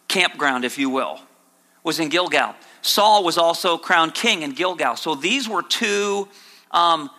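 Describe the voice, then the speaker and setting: A man preaching a sermon as a pastor, dropping low and earnest, then jumping high to mock the excuses he quotes. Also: sharp tone. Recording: long hall reverb.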